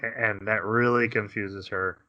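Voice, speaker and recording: A man's voice: fairly low pitch, fairly even intonation, moderate pace, bright, forceful tone, muffled recording. A man co-hosting a podcast, recapping episodes in casual chat and acting out characters' lines as he goes. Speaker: podcast co-host.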